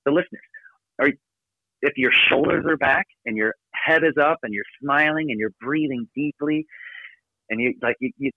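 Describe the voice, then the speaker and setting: A man giving an energetic, emphatic motivational talk from his office as a podcast guest. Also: mid-range voice, gravelly, no room sound. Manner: energetic, emphatic, rapid coaching delivery. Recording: dry, phone-like narrow sound.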